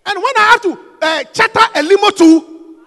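Emphatic high-voiced male preacher. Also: moderate pace. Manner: emphatic, animated, teasing. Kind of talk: sermon. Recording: long hall reverb.

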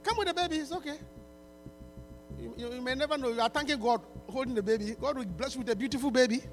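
A man's voice: very high-pitched, quick pace, slight background noise. A man preaching in a church service, pleading and repetitive, often restarting his words as he urges people forward to give. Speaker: pastor launching a book.

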